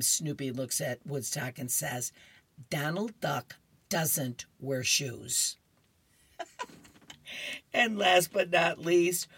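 A woman's voice: low voice, no room sound. A woman reading horoscopes and comics aloud for a radio reading service, with cheerful chatty asides.

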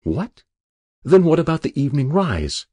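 A man playing a blustering gentleman angler. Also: a little high, very animated, normal speed, pitched above the performer's own voice. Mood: exasperated. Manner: exclamatory and huffy.

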